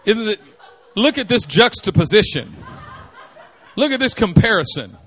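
A man preaching a sermon, animated and joking, acting out the quotes. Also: high voice, normal speed, breathy edge, a faint crowd. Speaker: pastor.

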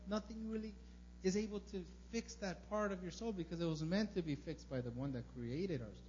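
Young pastor guy preaching casual, slightly high voice, lots of likes, dull lo-fi recording with a faint hum. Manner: informal and earnest, many fillers, acts out prayers loudly. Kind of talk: casual sermon.

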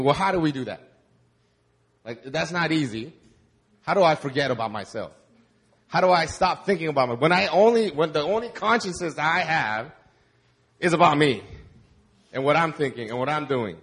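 A man preaching a sermon in a conversational, animated way, with casual fillers. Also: a little high, breathy edge. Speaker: pastor.

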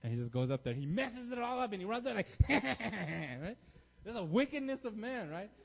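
In a dull lo-fi recording, a pastor in his thirties preaches a sermon with energetic storytelling, often checking in with the crowd by asking "right?" He has a high-pitched voice and talks fast.

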